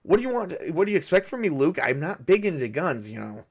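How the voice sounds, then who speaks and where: A woman's voice: low voice, big pitch swings, fast talker, a little mellow, breathy edge, pitched above the performer's own voice, heavily acted. A man putting on a blunt, dismissive ex-wife. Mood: defensive. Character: blunt unapologetic woman, ex-wife, offhand and defensive.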